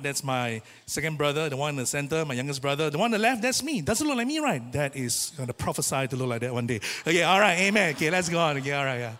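Animated high-voiced preacher in echoing hall. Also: male voice. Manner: animated, chatty, acts out quoted voices. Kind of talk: sermon with personal testimony. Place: church. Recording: reverberant church hall.

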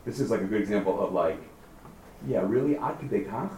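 A man leading a text study class, lively and questioning, thinking aloud as he explains. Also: lowish voice, fairly quick. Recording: roomy, far from the mic, faint noise.

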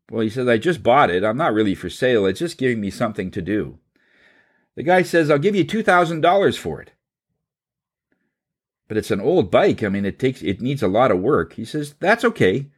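Man, mid-pitched voice, casual speaker spinning a story that turns into a spiritual message. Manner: casual, halting storyteller voicing characters.

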